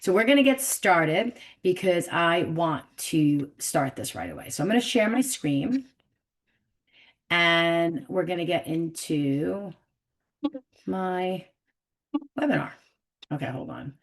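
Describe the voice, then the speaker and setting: A woman's voice: on the low side, animated, slow, pauses often. A woman with a New York accent hosting a live video-call webinar, chatting casually and joking about fumbling with the technology. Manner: chatty, self-deprecating, fumbling with tech. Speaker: webinar host.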